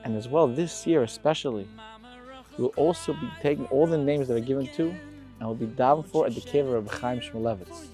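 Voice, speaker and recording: A man tells a moving story in an earnest, building way, his voice at an ordinary middle pitch. Quiet music plays softly beneath his voice. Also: brisk. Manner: emotional, rising intensity on quotes. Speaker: storyteller for a charity. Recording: faint background music.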